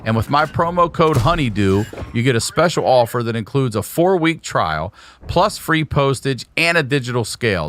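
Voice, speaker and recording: A man's voice: medium pitch, lively intonation, moderate pace, a bit bright. A man hosting a podcast, giving an upbeat, chatty sponsor read in casual style. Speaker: podcast host.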